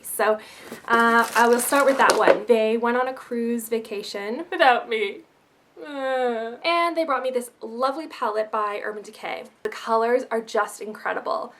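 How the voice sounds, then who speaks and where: A woman's voice: a little high, a bit bright. A bubbly young woman from Canada chatting through a shopping haul in a casual vlog, joking at her own expense. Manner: bubbly, chatty, self-mocking. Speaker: beauty vlogger.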